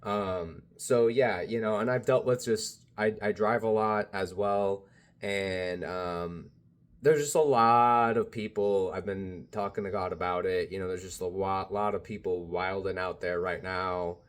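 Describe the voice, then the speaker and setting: A man's voice: low-pitched, a little slow. A man vlogging in a casual, rambling monologue, full of "you know", "like" and "bro". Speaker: spiritual vlogger.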